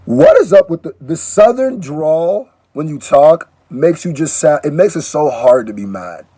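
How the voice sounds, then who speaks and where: Recorded with no room sound, a musician with a fairly high, animated but dark-toned voice talks a little slowly for a casual reaction video. He's groggy from allergy medicine, so his slangy, loose chat is full of restarted sentences.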